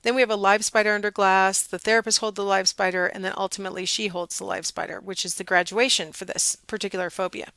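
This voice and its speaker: A middle-aged woman giving a casual psychology lecture, telling a personal story with lively, animated quoting. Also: mid-range voice, fast talker, creaky, hardly any pauses, no echo.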